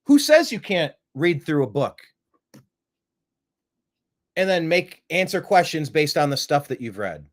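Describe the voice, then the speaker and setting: Male show host, fairly high voice, rambling, emphatic and opinionated, full of rhetorical questions. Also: sing-song, measured pace, pauses often. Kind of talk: opinionated live-stream commentary.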